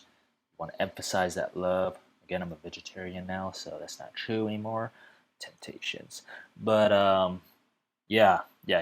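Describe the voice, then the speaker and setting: A man teaching a web development lesson in a casual, chatty way, often filling pauses with "okay" and "uh". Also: deep voice. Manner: chatty, fills gaps with okay and uh.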